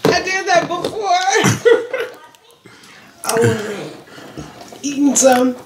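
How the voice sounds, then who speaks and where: Woman host, talks slow, savoring the food, echoey noisy room. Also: sits high. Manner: slow, relaxed, relishing the food. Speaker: host, the aunt. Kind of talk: casual mealtime chat while eating. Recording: roomy, distant, noisy home recording.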